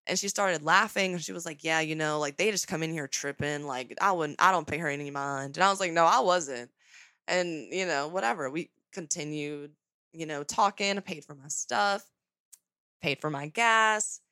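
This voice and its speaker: Young woman podcast host telling a story, sarcastic, kinda low voice but bright and sharp, dry close sound. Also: normal speed, no echo. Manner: sarcastic, animated retelling. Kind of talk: casual storytelling.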